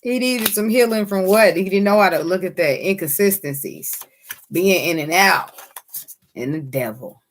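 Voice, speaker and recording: A woman giving a casual tarot reading, blunt, excitable and swearing freely. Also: on the low side, moderate pace. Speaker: tarot reader.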